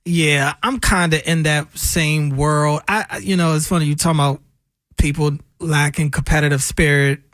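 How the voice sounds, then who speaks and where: A man's voice: a little high, steady tone, moderate pace, fairly bright tone, no echo, clean studio sound. A man co-hosting a sports talk radio show, talking casually and getting fired up over his opinions. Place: radio studio. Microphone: studio microphone.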